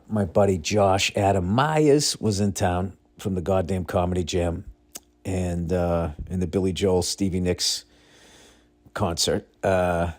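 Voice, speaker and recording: Low-voiced man ranting on a podcast. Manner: profane, blunt, excitable storytelling. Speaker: podcast host. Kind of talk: casual rambling monologue.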